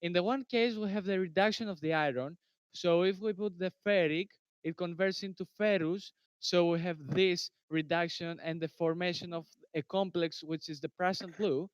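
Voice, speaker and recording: A man's voice: sits high, steady tone, normal speed, smooth, dry recording, highs cut off. A teenage boy giving earnest, formal answers in a student science debate over a video call. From Greece. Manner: earnest, formal, repeats phrases. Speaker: presenting student in a science tournament.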